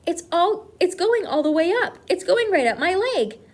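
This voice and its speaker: Lady reading as a frantic cook guy, shrieking way up high, total panic, storybook read-aloud. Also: wildly swooping pitch, fairly quick, exaggerated voice. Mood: panicked. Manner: shrill frantic yelling.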